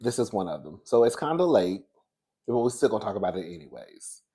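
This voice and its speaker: A man hosting casual gossip commentary, chatty and animated, calling listeners "girl" and "baby.". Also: on the low side, brisk. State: out of breath. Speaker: commentary host.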